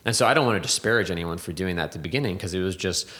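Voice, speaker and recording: A man's voice: sits low, rapid-fire, a bit bright. A man who works as a whiskey distiller and blender, talking in a podcast interview in a thoughtful, rambling way, with many restarts and fillers and a reflective, poetic turn.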